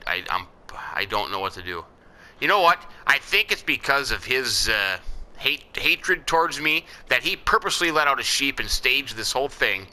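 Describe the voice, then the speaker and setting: Bright, forceful and smooth, a mid-range male voice comes through a low-quality recording. Role-playing a farmer during a farming game let's-play, he rambles in a folksy manner, often saying "I tell ya" and "you know."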